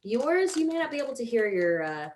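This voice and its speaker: A woman's voice: a little high, very animated, fast talker, a little mellow, a little hiss or hum. A young woman teaching a casual mindfulness exercise, chatty and self-deprecating, giving step-by-step instructions and yawning now and then.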